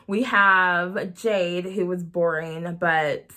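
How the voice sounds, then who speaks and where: A woman's voice: lowish voice, fairly even intonation, drawn-out words, bright, forceful tone. A woman chatting casually as a book vlogger, bubbly and rambling, often laughing as she gushes over what she read. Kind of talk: casual book review chat.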